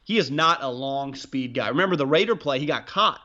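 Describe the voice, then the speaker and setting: A man co-hosting a casual sports podcast, rambling, excitable and profane as he talks. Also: mid-range voice, fairly quick, lo-fi sound. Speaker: podcast co-host.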